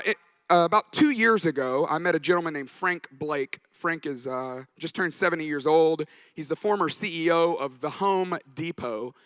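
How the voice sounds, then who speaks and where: A man's voice: on the high side, a bit bright, dry recording. A man giving a conference talk as a pastor, telling stories with jokes along the way. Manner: anecdotal, joking storyteller. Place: conference stage.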